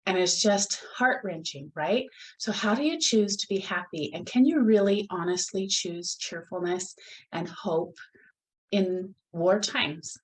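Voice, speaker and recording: A woman hosting her own podcast, talking in an earnest, reflective way with pauses and restarts. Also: fairly low pitch, rough recording. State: gets emotional at moments. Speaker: podcast host. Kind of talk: solo podcast talk.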